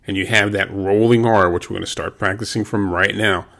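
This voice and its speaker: A man teaching a language lesson, patiently saying words slowly and repeating them for practice. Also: on the low side, steady tone, creaky, fairly bright tone.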